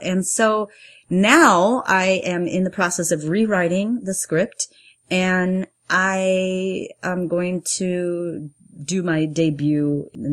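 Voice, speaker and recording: A middle-aged woman, a playwright and performer, telling her own story in an earnest way and getting lively when she acts out what people said. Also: on the low side. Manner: earnest, animated when acting out quotes. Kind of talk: personal storytelling interview.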